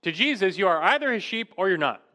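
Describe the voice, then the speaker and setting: A man's voice: sits high, sing-song, fast talker, sharp tone. A man preaching an expository sermon, emphatic and full of rhetorical questions. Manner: emphatic, rhetorical questions, rising to stress key words.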